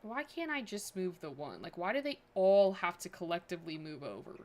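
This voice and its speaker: A woman's voice: lowish voice, big pitch swings, brisk. A woman streaming a building game, chatting casually and thinking aloud with many fillers. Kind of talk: casual livestream chat.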